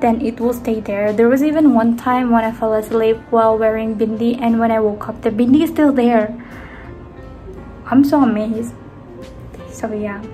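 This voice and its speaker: A young woman from the Philippines vlogging casually at home, rambling and chatty, often trailing off softly. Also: a little high. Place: indoors at home.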